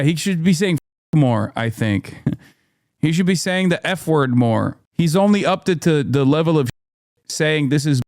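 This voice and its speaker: A man reacting to the news on a live stream, ranting with heat and plenty of swearing. His voice sits fairly high for a man. The sound is dry and close, with no room to it. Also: no echo. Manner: heated, profane, animated ranting. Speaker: streamer and political commentator.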